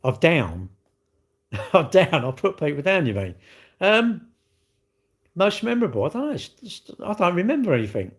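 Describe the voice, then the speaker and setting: A middle-aged British man talks in casual chat on his livestream, answering chat questions in a rambling, blunt, slangy way. His voice sits a little high for a man and swings up and down with lively intonation. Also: normal speed, long pauses, breathy edge.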